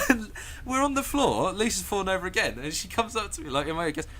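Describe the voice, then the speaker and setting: A man telling a story casually, animated and sweary, often laughing and acting out the scenes. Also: sits high.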